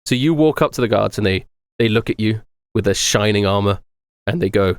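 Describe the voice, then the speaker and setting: A man's voice: fairly low pitch, lively intonation, fairly quick. A man running a tabletop game as game master, narrating casually with laughter and swearing.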